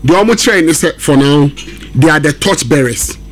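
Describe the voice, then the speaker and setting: A man's voice: a little high, lively intonation, normal speed. A man giving emphatic football analysis on a sports radio show, switching between English and Twi. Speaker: football pundit.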